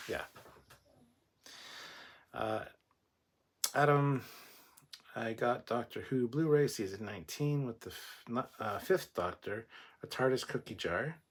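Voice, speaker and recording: A man with a slightly husky voice sitting low in pitch talks loosely through a livestream. He jokes and rambles, stumbling over his words now and then, as he reads viewer comments aloud. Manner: joking, chatty, rambling with restarts. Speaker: livestream host. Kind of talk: casual livestream chat, reading viewer comments.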